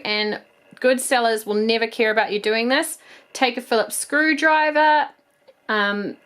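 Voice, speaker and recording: A woman's voice: a little high, a bit bright. A woman in her thirties with a New Zealand accent, chatting casually and a bit ramblingly as she shows off toy finds. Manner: chatty, rambling, with frequent ums. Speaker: toy collector vlog host. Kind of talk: casual haul video chat.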